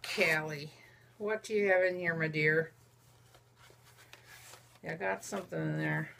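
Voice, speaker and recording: A woman's voice: deep voice, fairly even intonation, measured pace, creaky, a bit bright, a little hiss or hum. A woman chatting casually as she opens mail from friends, cooing over each gift and talking to the viewers and the objects as she unwraps them. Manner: chatty, cooing and gushing over small gifts. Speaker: vlogger opening mail from friends. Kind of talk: casual unboxing chat.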